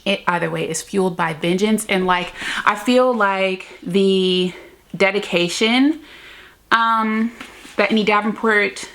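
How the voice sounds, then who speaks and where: A woman's voice: mid-range voice, takes it slowly, a bit bright. A woman chatting casually in a book vlog, effusive and gushing, full of "like" fillers. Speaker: book vlogger. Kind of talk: casual reading vlog chat.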